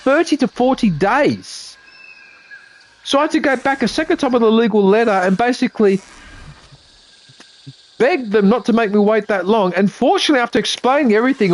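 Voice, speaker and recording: Profane, exasperated Australian streamer. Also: medium pitch. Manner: profane, exasperated, keeps asking "right?". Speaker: livestreamer. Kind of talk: casual livestream rant.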